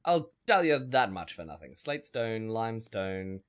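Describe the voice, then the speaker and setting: Slow, lively-pitched game streamer man. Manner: rambling, wry, chats with viewers. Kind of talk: casual gameplay commentary.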